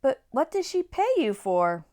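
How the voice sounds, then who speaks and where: A woman's voice: high voice, big pitch swings, a little slow, darkish tone, pitched above the performer's own voice. A woman voicing a curious, kind-hearted young girl who sounds earnest and wide-eyed.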